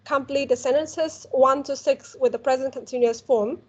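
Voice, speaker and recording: A woman's voice: high voice, fairly even intonation, normal speed, husky, highs cut off. A woman with a Vietnamese accent teaching a one-on-one English lesson, patient and encouraging, often saying "very good" and modeling pronunciation.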